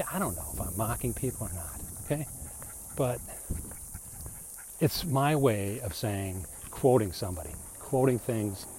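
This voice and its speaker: A man's voice: medium pitch, a little mellow, a little hiss or hum. A man in a casual, rambling monologue who keeps slipping into mocking put-on voices when he quotes other people. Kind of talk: casual monologue on reading the Bible.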